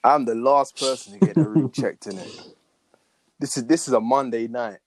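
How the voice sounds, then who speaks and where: A man's voice: medium pitch, moderate pace. A young man in casual chat, recounting a story in a slangy, matter-of-fact way. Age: young adult.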